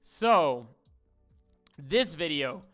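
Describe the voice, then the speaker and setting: A male streamer talks through his reaction in a casual, rambling way, blunt and openly incredulous. His voice is bright and sits a little high for a man, with faint music under it. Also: big pitch swings, drawn-out words. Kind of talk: casual live-stream commentary.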